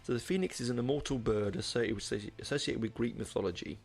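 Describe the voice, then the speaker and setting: A man's voice: mid-range voice, fast talker, gravelly, darkish tone, soft background music. A man hosting a podcast, rambling through a casual album review with many fillers and restarts. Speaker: podcast host.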